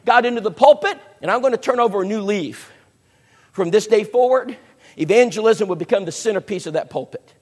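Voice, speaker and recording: A man's voice: sits high, animated, fairly quick, darkish tone, slightly rough, in a large hall. A man preaching, telling a story in a folksy, conversational way to his congregation in a church. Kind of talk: sermon storytelling.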